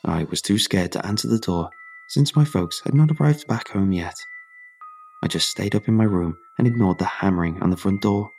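A man narrating a first-person horror story in a steady, measured way. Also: sits low, gravelly, faint music behind.

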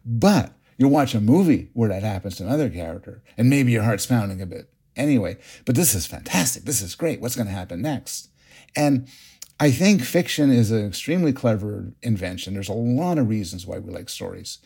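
A middle-aged man, a psychologist guest, explaining ideas in an animated, storytelling way with frequent restarts. His voice sits low, with a mellow, husky tone. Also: fairly quick. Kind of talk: interview.

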